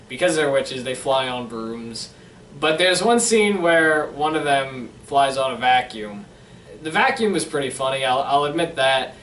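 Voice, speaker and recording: A young man talks through a film review in a loose, rambling way, tossing in sarcastic questions and laughing asides. His voice sits a little high. He is recorded in a roomy space from some way off the microphone. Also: a bit bright. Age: young adult. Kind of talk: casual spoken film review. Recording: roomy sound from a distant mic.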